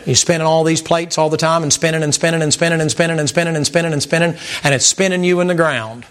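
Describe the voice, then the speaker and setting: A man preaching a sermon to a congregation in a folksy, animated way, repeating words and mimicking sounds. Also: on the high side, quick pace. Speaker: pastor. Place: church sanctuary with congregation.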